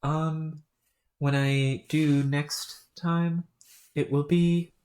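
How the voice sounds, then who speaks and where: Low-voiced woman reading on stream. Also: extremely slow. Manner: relaxed, rambling, many fillers. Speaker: streamer reading a webcomic aloud. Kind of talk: casual read-aloud stream.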